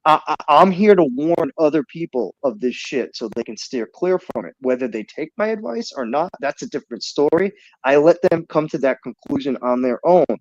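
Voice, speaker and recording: A man's voice: on the high side, expressive, a little fast, few pauses, a little mellow, dry recording. Profane man ranting on a livestream. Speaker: livestream host. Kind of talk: casual call-in chat. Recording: dull lo-fi stream audio.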